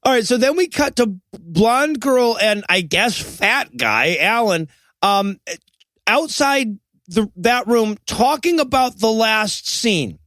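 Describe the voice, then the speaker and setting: A man co-hosting a comedic movie review podcast, animated and mocking the film's lines. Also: high voice, slow pace, dry recording. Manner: animated, mocks film lines with shouted quotes. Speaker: podcast co-host.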